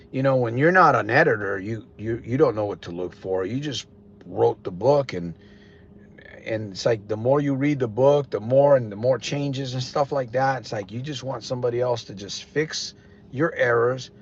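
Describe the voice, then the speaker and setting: A man with a Connecticut accent hosting a live podcast stream, talking casually in a blunt, rambling way with frequent restarts. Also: lowish voice. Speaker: podcast host. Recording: dull lo-fi sound with faint noise.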